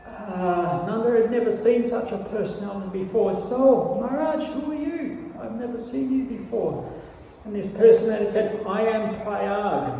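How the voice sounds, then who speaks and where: A man's voice: creaky, warm tone, distant mic, a little hiss or hum. Storytelling man in an echoey temple hall. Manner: acts out child's pleading in a higher voice. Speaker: temple class speaker. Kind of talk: storytelling scripture class.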